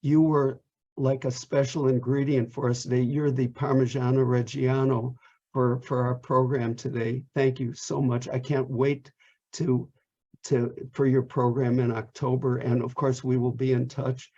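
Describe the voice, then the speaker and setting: A male host wraps up an online talk, rambling and joking as he stumbles over repeated words. His voice is husky, mellow and even, heard through dull lo-fi audio. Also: medium pitch, measured pace. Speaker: host of a lecture program. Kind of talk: closing remarks at an online talk. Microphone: video call. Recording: dull, lo-fi video call audio.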